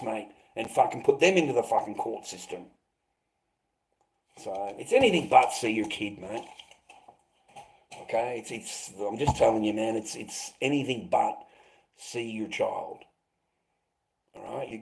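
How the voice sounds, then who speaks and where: A man's voice: medium pitch, moderate pace, vocal fry, long pauses, a little mellow, poor audio. A middle-aged man ranting on a casual livestream, swearing a lot, his voice climbing when he gets worked up. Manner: agitated, swearing, voice rising when upset.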